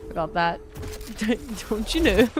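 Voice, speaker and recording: A woman's voice: mid-range voice, expressive, takes it slowly, crowd noise. A woman from New Orleans streaming a game, chatting casually with viewers, reading chat aloud and swearing freely into a desk mic. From New Orleans, USA.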